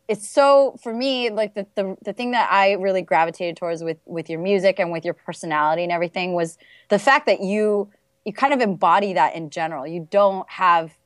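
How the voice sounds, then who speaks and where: A woman's voice: medium pitch, no echo, clean studio sound. A woman co-hosting a talk show, gushing and chatty with plenty of "like". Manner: gushing, chatty, heavy use of "like". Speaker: host. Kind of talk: casual chat.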